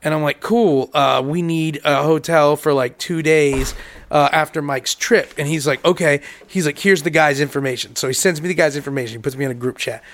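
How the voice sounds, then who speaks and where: A man's voice: a little high, brisk. A young man on a podcast, telling a long story casually, swearing and acting out both sides of each conversation. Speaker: podcast co-host.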